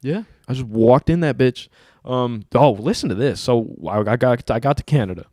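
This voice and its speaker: A young man hosting a casual chat, telling stories in an animated, profane, slang-heavy way. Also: medium pitch, moderate pace, no room sound, studio quality. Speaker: host.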